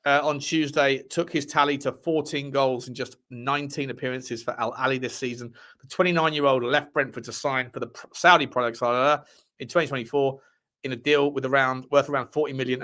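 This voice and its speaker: Here the football fan show host's voice is medium-pitched and a touch bright. He reads articles about transfers out loud on his casual livestream, adding cheeky remarks and saying phrases over again.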